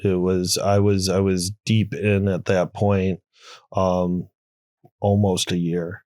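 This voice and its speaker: A man with a lowish voice speaks as a podcast guest, recounting a hard experience. He stops and restarts often, picking his words as he goes. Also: level tone, a little mellow. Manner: halting, many restarts, recounting a harrowing experience. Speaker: interview guest. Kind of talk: podcast interview storytelling.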